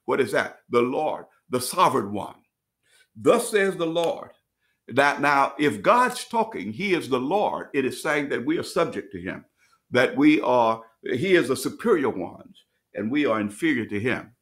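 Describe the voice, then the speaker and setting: A man teaching as pastor at a midweek bible study, reading scripture slowly and restating phrases as he explains. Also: medium pitch, big pitch swings, a bit bright. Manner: preacherly, repeats and restates phrases; reads scripture slowly with rising emphasis.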